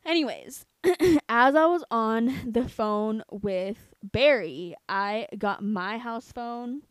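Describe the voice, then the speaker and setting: A young woman in her twenties from the United States, telling a story on a podcast in a casual, profane, animated way. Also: fairly high pitch, takes it slowly, clean tone, dry recording. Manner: profane, animated, quotes herself and others. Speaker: podcast co-host.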